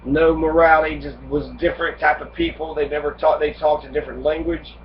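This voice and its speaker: A man's voice: on the high side, level tone, fairly quick. A man giving a casual history lecture, reading passages and then riffing on them with heavy profanity. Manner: acts out immigrants' complaints in angry voice. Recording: dull distant lo-fi recording with faint noise.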